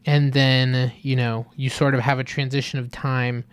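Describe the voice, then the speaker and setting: A man giving a casual, rambling critique of an ad, full of fillers, who acts out little scenes in higher voices. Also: little pitch movement, normal speed, clean tone, dry recording. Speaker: video critic reviewing ads.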